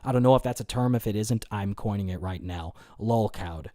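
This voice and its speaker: Speaking briskly in a dark, lowish voice, this livestream host answers his chat casually, swearing and rambling with lots of fillers and restarts. The recording is studio quality with no echo.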